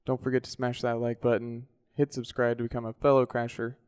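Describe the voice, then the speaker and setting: A young man casually commenting on his gameplay, excitable and playful, shouting at wins and losses. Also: medium pitch, fairly quick, clean tone, no echo, clean studio sound. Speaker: gaming video host.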